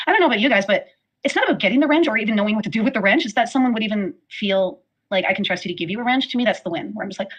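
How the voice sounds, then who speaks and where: A woman's voice: medium pitch, fairly bright tone. A woman hosting a casual livestream, rambling and apologetic, her talk full of fillers. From Canada. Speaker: livestream host.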